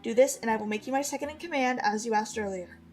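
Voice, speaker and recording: A cold young princess gives orders in a low, hushed, flat voice, as a woman plays her. She sounds calm and commanding. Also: fast, faint music behind, natural voice.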